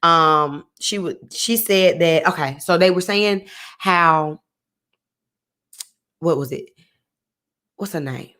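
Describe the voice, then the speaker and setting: A woman's voice: on the low side, slow pace, pauses often, sharp tone. A woman casually recapping a reality TV episode in a sassy, chatty way, full of slang asides. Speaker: TV recap reviewer.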